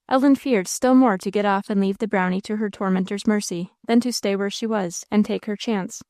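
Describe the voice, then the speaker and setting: A woman narrates a classic novel in a measured, expressive way. Her voice sits at a middling pitch, and the recording is dry and close, with no room sound. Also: dry recording. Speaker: audiobook narrator. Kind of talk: scripted narration.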